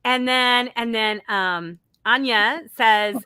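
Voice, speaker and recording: A woman's voice: a little high, sing-song, a little slow, sharp tone, no room sound. A woman from South Carolina hosting a radio show in casual chat, giggly and playful, teasing her guest.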